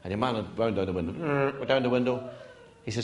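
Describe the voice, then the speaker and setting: A man's voice: medium pitch, brisk. An Irish man telling jokes in a rambling stand-up style, wandering off into side stories and chuckling through them. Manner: digressive, chuckling through his own stories.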